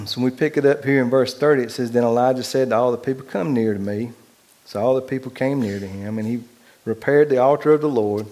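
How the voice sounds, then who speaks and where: A man preaching a sermon, reading scripture aloud and commenting on it, his voice rising louder on key lines. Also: mid-range voice. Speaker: pastor.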